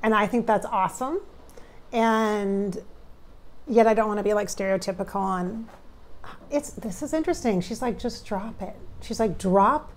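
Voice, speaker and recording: A woman's voice: mid-range voice, moderate pace, long pauses. A middle-aged woman psychic talking casually and emotionally to viewers during a channeling session. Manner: chatty, emotional, talks directly to viewers. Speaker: psychic medium.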